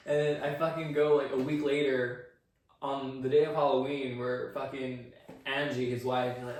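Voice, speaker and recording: A man's voice: medium pitch, little pitch movement, moderate pace. A man co-hosting a casual podcast chat, ranting with constant swearing. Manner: profane, ranting, heavy swearing. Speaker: podcast co-host. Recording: echoey room, distant mic, faint noise.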